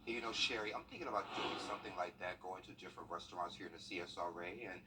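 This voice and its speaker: A man's voice: low voice, racing, recorded from a distance, very noisy. A man anchoring a morning newscast, friendly and joking with his co-host. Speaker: news anchor. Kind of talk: anchor banter.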